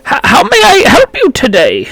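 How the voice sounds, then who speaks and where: A fussy old gnome apothecary who stammers through his greetings, as a man puts him on. His voice sits high and leaps about, nervous and eager to help. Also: wildly swooping pitch, moderate pace, vocal fry, bright, forceful tone, exaggerated voice. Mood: flustered.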